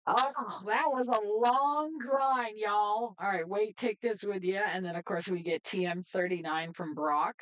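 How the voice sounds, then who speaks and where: A woman streamer giving excitable, chatty live gameplay commentary. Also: medium pitch, a little slow, hardly any pauses, dull audio. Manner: excitable, chatty, laughs often.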